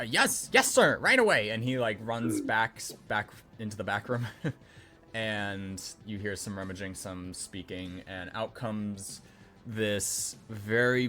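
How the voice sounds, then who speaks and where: A man narrating as game master of a tabletop game, relaxed and chatty with frequent laughs. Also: lowish voice.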